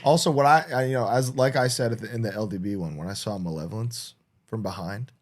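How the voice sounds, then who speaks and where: A man co-hosting a podcast in casual chat, telling stories with lots of swearing and quick restarts. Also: lowish voice. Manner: animated storytelling, heavy swearing, frequent restarts. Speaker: podcast co-host.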